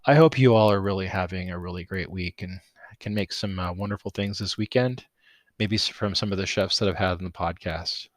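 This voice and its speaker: Gushing male podcast host, low voice. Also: brisk, no echo. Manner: enthusiastic, gushing with many restarts. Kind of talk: casual podcast outro.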